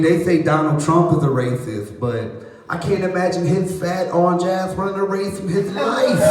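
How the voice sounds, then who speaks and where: A young American man doing a loose, crowd-working stand-up set, slipping into voices for bits. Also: a little high. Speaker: stand-up comedian. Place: outdoor apartment complex courtyard. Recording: echoey, distant, noisy live recording.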